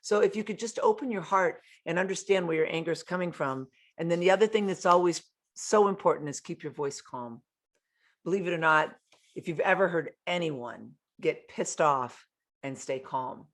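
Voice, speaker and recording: A woman's voice: low-pitched, normal speed. Frank woman hosting a self-help podcast. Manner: earnest, frank, swears casually. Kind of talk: motivational self-help talk.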